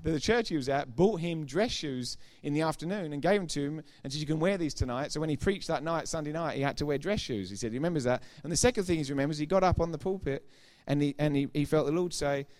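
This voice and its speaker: A man giving a sermon testimony as a preacher, retelling conversations line by line and growing loud and emphatic when he preaches. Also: on the high side, fast talker, hardly any pauses. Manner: retells dialogue with repeated "I said, he said".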